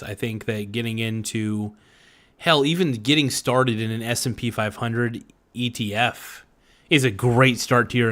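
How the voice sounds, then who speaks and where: A man hosting a livestream podcast has a somewhat bright voice of medium pitch. Between mouthfuls he reads out comments from his live chat, rambling casually, swearing, and using many fillers.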